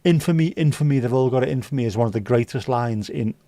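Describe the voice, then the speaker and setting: A man's voice: mid-range voice, fairly even intonation, quick pace, dark tone, no room sound. A man hosting a livestream, reading viewer comments aloud with sweary, jokey banter. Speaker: livestream host. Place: indoors.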